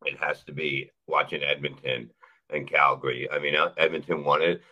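A middle-aged comedian talking bluntly with lots of swearing in a casual podcast chat. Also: male voice, very deep voice, flat delivery, moderate pace, sharp tone, highs cut off. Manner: blunt, profane, storytelling. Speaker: comedian guest.

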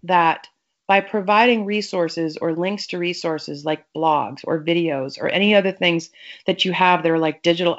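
A woman giving emphatic advice in a conversational podcast interview, often restarting her sentences. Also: fairly low pitch. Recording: muffled lo-fi audio.

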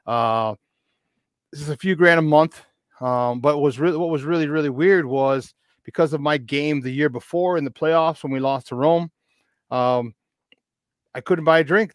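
A man in his fifties, a podcast guest, telling a long casual story in an animated, rambling way with many restarts. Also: a little high, no echo, studio quality. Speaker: podcast guest, football expert.

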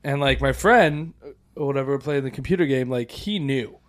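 Animated man telling a wild story. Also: mid-range voice, normal speed. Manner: animated, acts out quoted voices, swears a lot, laughs often. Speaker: podcast co-host. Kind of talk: casual storytelling chat.

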